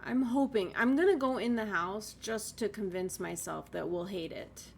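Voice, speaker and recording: A woman's voice: mid-range voice, moderate pace, creaky, slight background noise. A woman giving casual gameplay commentary, chatty and thinking aloud, with sudden exasperated outbursts. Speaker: let's play gamer.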